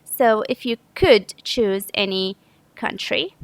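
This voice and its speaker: A woman teacher from Saudi Arabia patiently works through an English grammar lesson step by step, frequently correcting herself. Her mid-range voice moves slowly, and the recording is dry and of poor quality.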